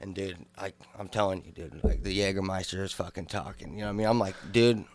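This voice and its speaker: A man, co-hosting a podcast and telling a wild story in a loud, profane, animated way. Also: low-pitched, fast. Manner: animated, profane storytelling, acting out drunk shouts. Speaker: podcast co-host. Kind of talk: casual storytelling chat.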